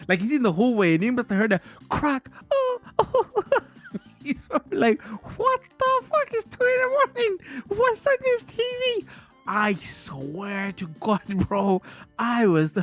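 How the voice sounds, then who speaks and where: A man chatting casually on a live stream, telling rambling stories full of slang and laughter. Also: high voice.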